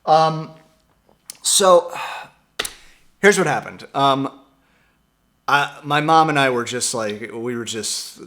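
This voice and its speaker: A man in a casual, exasperated movie rant, swinging from mumbling asides to near-shouting, with many fillers and restarts. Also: medium pitch, measured pace, pauses often. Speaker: video commentator.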